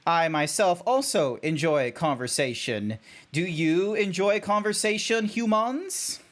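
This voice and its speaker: Australian man doing a robotic male zebra: stilted, formal, slightly high voice. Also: expressive. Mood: stiff formal. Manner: slow, stilted, overly formal phrasing. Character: stiff robotic male zebra addressing humans. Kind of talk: livestream bit.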